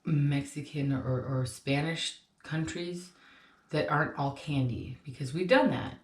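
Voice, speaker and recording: A woman's voice: deep voice, a little slow. A young woman co-hosting a snack-review video, chatting casually and rambling with lots of fillers. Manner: rambling, filler-heavy storytelling. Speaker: co-host. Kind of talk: casual chat. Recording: echoey room.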